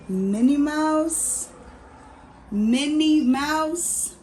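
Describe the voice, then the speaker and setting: A woman's voice: a little high, expressive, drawn-out words, long pauses, faint music behind. A woman gushing through a gift unboxing at home, exclaiming and repeating herself. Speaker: vlogger. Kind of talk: unboxing vlog.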